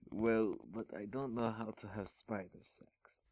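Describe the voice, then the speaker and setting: A timid, unsure pony girl turned into a spider speaks in a fan fiction read-aloud, voiced by a man barely putting on a voice. The voice sits low and moves slowly. The sound is dry and close. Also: steady tone, darkish tone, no echo.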